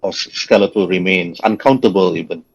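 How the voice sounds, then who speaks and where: A man narrating as dungeon master in a tabletop game over voice chat, describing scenes in a halting way and repeating words. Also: low-pitched, creaky, husky, dull audio.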